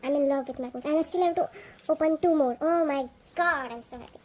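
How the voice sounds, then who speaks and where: A woman unboxing albums on a casual vlog, gushing excitedly and gasping at each card she pulls. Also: sits high, quick pace, a little hiss or hum.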